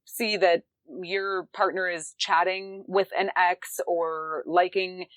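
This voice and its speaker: A woman's voice: fairly low pitch, steady tone, slow pace, fairly bright tone, no echo. A woman podcast host asking questions in a loose, rambling way, full of "like" and "you know". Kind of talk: casual interview chat.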